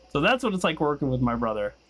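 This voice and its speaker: Man, young adult, bright forceful voice, rambling let's-play commentary, faint background hiss. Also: a little high, very animated, fairly quick. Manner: rambling and chatty, tells stories while playing. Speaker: gaming channel host.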